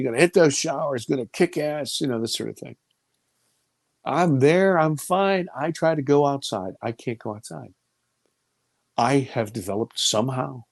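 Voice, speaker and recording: An animated man in his fifties recounts his story as an interview guest, his voice swinging widely and leaping up for quoted lines. He sinks low and quiet at the frightening parts. The recording is close and dry, with no room sound. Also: no echo. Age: 50s. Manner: animated, voice rising high for quoted speech and dropping low and quiet for fear.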